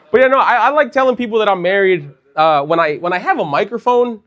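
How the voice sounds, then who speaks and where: With a high, fairly bright voice, a thirtysomething Chicagoan performs a casual stand-up set at a comedy club, peppering it with "like" and "bro." The recording has its highs cut off.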